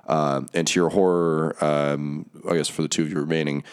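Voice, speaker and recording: A man narrating as game master of a tabletop fantasy game, talking loosely with many pauses and ums. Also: a bass voice, flat delivery, clean tone.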